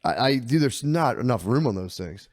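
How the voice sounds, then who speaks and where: Laid-back, giggly man, lively pitch. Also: moderate pace. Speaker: podcast co-host. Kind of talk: casual comedy podcast banter.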